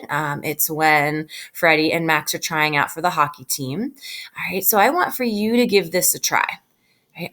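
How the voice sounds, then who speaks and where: A woman teacher giving a recorded reading lesson to children, patient and slowing down to stress key phrases, often checking in with "right?". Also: fairly low pitch, fairly bright tone. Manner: patient, with frequent tag "right?". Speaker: elementary school teacher.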